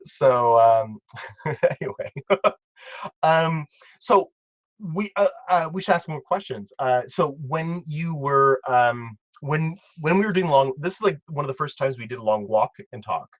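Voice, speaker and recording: A man co-hosting a casual video commentary, talking in a rambling, excitable way with many restarts. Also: fairly high pitch, a little slow, dry recording. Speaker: co-host and video editor.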